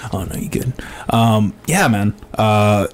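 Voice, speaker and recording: A man hosting a casual studio podcast, asking questions in a relaxed, joking way. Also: fairly low pitch, slow. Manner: laid-back, joking, swears casually. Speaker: podcast host. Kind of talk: casual studio interview chat.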